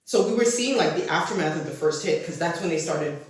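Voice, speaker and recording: Animated woman storyteller in an echoey room. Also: fairly low pitch, quick pace, a little hiss or hum. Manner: animated storyteller, heavy "like" filler. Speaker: podcast co-host. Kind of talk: casual chat.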